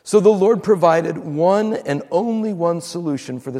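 A man's voice: a little high, lively intonation, moderate pace, few pauses, warm tone, long reverb tail. A man preaching a sermon as pastor, acting out quotes and repeating words for emphasis.

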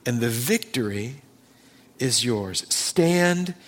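Slow, emphatic preacher man. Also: medium pitch, expressive, a bit bright. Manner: emphatic, acts out Bible scenes in changing voices; slow, deliberate delivery with dramatic pauses. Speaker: pastor. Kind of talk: sermon.

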